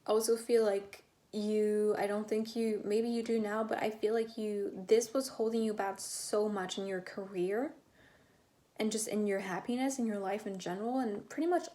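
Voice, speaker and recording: A woman's voice: medium pitch, steady tone, normal speed, warm tone. A woman giving a casual tarot reading to her viewers, chatty and rambling, with many fillers and restarts. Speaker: tarot reader.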